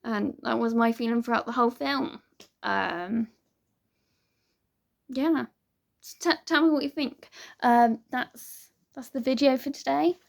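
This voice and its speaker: A young woman talks casually to her viewers, wandering between thoughts with plenty of ums and soft laughs. Her voice sits a little high and carries a gravelly edge of vocal fry. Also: unhurried, long pauses. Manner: chatty and rambling, with frequent ums and laughs. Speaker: vlogger. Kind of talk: casual chat to camera.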